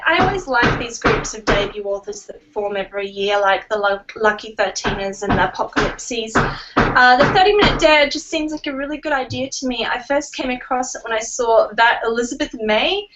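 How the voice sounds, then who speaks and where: High-voiced chatty woman, a bit off-mic. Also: expressive, moderate pace, far from the mic, loud music behind the voice, low-quality recording. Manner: chatty, rambling, cites figures. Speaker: book blog co-host. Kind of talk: casual podcast chat about book news.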